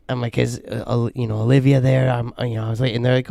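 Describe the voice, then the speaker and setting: A man's voice: mid-range voice, quick pace, vocal fry, dry recording, clean studio sound. A man co-hosting a podcast in casual chat, telling stories animatedly and acting out the people in them. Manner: animated storyteller acting out voices. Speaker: podcast co-host.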